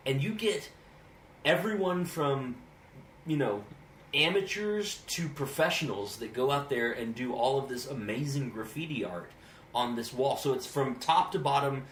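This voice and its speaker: A man's voice: mid-range voice, a bit bright. A man from Texas, a podcast co-host, chatting casually and enthusiastically, often stammering through restarts. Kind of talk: casual chat. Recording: roomy echo with faint hiss.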